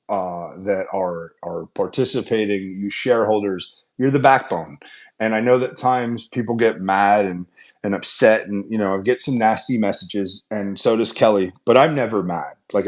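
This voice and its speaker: Exec guy running a shareholder q&a, lowish voice, earnest and upbeat, keeps restarting his sentences. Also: darkish tone. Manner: earnest, upbeat, talks in loose run-on restarts. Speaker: company executive hosting a shareholder Q&A. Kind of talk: casual conference-call Q&A.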